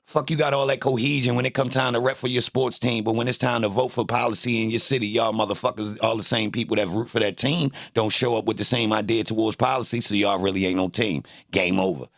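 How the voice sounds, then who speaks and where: Gravelly man in loose, profane commentary. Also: medium pitch, fairly even intonation, fast talker, hardly any pauses, a bit bright, dry recording, studio quality. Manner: loose, emphatic, profane street talk. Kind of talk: casual streamed commentary.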